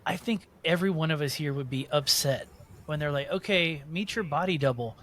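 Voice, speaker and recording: A man's voice: a little high, fairly quick, a bit bright. A man co-hosting a podcast, trading crude jokes and laughing often in casual chat. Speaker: podcast co-host.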